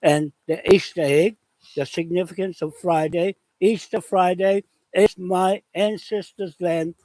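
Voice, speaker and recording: A man from New Zealand speaks in a fairly high voice, declaiming in short clipped bursts. His delivery is impassioned and angry, and the recording is dry and close. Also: steady tone, measured pace, dark tone, dry recording, low-quality recording. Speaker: vlogger making a live video. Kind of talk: impassioned live monologue. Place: outdoors on his land.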